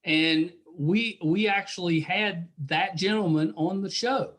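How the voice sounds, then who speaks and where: A man's voice: high-pitched, slow, a bit bright. A middle-aged man with a West Virginia accent hosting a podcast, rambling and self-deprecating, chuckling often. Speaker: podcast host. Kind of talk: casual interview chat.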